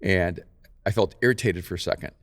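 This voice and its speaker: Thoughtful male podcast host, low voice, dry close sound, lots of restarts. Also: brisk, a bit bright, no echo. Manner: thoughtful, many restarts and repeated words. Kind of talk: reflective storytelling in casual conversation. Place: podcast studio.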